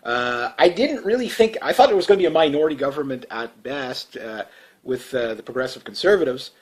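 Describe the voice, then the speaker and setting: A man's voice: medium pitch, expressive, fairly quick. A man giving a casual, rambling political rant to his channel's viewers, sarcastic, with chuckling asides. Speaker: political commentary vlogger.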